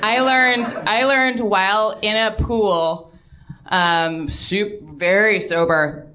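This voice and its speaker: A woman's voice: medium pitch, steady tone, slow pace, sharp tone. A woman guest on a live comedy podcast, telling rambling stories and giggling often. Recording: live stage with audience noise.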